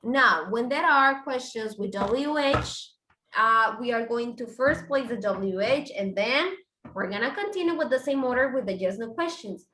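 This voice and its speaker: Bright-voiced woman teaching English grammar. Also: on the high side, expressive, normal speed, reverberant, rough recording. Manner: explains step by step with examples. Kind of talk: online grammar lesson.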